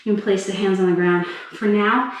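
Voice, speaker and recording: A woman fitness instructor calmly talking listeners through a stretching cool-down while doing it herself. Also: mid-range voice, moderate pace, slight background noise. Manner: calm, encouraging cues while demonstrating stretches. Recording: very echoey room, mic far off.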